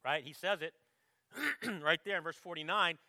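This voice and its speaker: A man preaching a sermon, with emphatic bursts on quoted verses, quieter reflective asides and frequent throat clearing. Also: moderate pace, no echo, clean studio sound. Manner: emphatic preaching, swelling loud on quotes, dropping low to reflect. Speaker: pastor.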